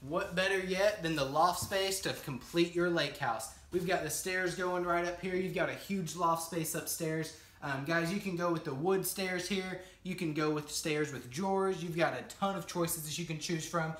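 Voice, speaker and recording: Talking straight to camera, this man pitches a small manufactured cottage with salesy enthusiasm, calling his viewers "guys" again and again. His fairly high, fairly bright voice moves at normal speed with few pauses, captured in poor, echoey audio.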